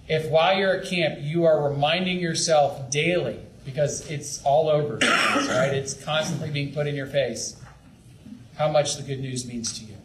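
Young male youth leader, earnest and pleading, high voice, roomy echo. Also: moderate pace. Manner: earnest, pleading, with acted-out asides. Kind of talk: training talk to camp leaders. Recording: echoey room with faint background noise.

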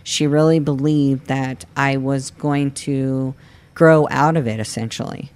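Man, thirties, from Florida, smooth voice, candid, halting, lots of restarts. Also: medium pitch, steady tone, darkish tone. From Florida, United States. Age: 30s. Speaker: guest. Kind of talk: personal interview.

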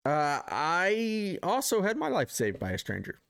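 A man co-hosting a casual podcast, introducing listener topics and telling an anecdote, with relaxed "uh" fillers. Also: sits high, unhurried, gravelly. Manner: easygoing, with "uh" fillers and restarts. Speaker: podcast co-host. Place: live-streamed podcast studio.

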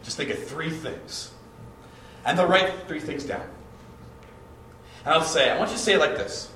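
A man's voice: fairly high pitch, normal speed, pushed and bright, slight background noise. A man preaching a sermon in a conversational way, acting out short quoted exchanges, heard from a distance in an echoey hall. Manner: conversational, acts out quoted couples. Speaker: pastor.

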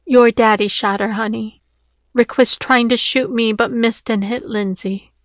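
Woman reading as a curt, sharp-tongued ex-wife. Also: on the high side, fairly even intonation, unhurried, no room sound, studio quality, natural voice. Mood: sad. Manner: curt, contemptuous.

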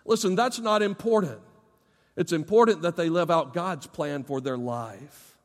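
A middle-aged man preaching in a big church, his fairly high voice ringing with long reverb. He talks straight to the parents in the pews, pressing hard on key words, then dropping low and quiet. His delivery is earnest and personal. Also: measured pace. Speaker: pastor. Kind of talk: sermon. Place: church sanctuary.

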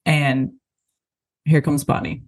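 A woman in a comedy chat who speaks dryly and deadpan, correcting the other speaker's story. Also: low voice, slow pace. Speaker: co-host.

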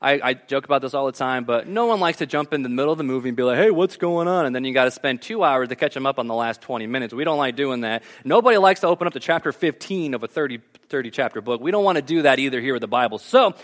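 A man preaching a casual, joking sermon, retelling scripture as a lively story. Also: medium pitch, rapid-fire, few pauses. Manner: animated storytelling with jokes.

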